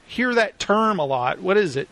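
Man, high voice, casual movie chat, rambling with fillers, dry close sound. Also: sing-song, a bit bright, no echo. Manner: rambling, heavy use of "like" fillers, quick to laugh.

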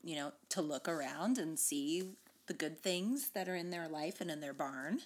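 A woman's voice: sits low, moderate pace. A woman co-hosting a podcast, chatting enthusiastically about a children's book and laughing often. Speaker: podcast co-host. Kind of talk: casual book discussion.

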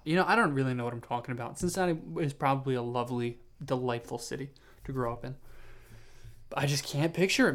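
A young man talks alone into his podcast mic, drifting from one tangent to the next. He sounds tired and low on steam, and he keeps stopping to restart sentences and poke fun at himself. His pitch sits in a plain middle range. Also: quick pace. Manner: meandering, self-mocking, full of fillers and restarts. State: tired, yawning. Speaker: podcast host. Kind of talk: rambling solo podcast monologue.

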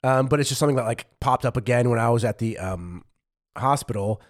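A man's voice: mid-range voice, brisk, no echo, clean studio sound. A man from California in his thirties, chatting casually as a podcast co-host, rambling with lots of fillers and restarts. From California, USA. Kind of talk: casual chat.

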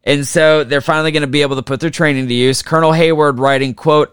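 A man's voice: on the high side, fairly even intonation, quick pace, hardly any pauses, a bit bright, clear, resonant tone, dry recording, studio quality. A man co-hosting a casual history podcast, profane and jokey, slipping into mocking voices as he tells the story. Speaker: podcast co-host.

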